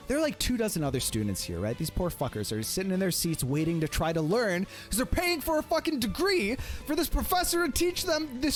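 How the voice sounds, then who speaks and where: A man telling a personal story casually, animated and quick with asides, swearing often. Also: high-pitched.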